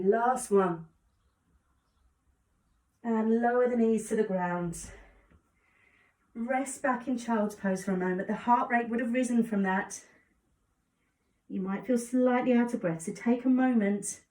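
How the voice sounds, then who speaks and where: A woman calmly guiding a yoga class with encouraging cues. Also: medium pitch. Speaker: yoga instructor. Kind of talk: guided exercise instruction. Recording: echoey room, distant mic.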